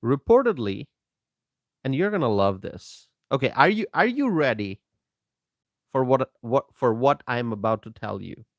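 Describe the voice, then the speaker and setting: Male live-stream commentator, deliberate and emphatic, dry close sound. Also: medium pitch, sing-song, dry recording. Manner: slow, emphatic, repeats himself, greets viewers by name.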